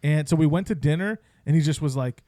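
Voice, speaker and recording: A man's voice: a little high, fast talker, dark tone, no echo, studio quality. A young man co-hosting a podcast, telling a long story in rambling casual chat. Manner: rambling storyteller, acts out his toddler. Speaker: podcast co-host.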